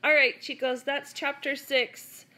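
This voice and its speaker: A woman teaching Spanish who reads a class story aloud and retells it in English in a relaxed, chatty way with fillers. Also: sits high, a little slow. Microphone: tablet recording.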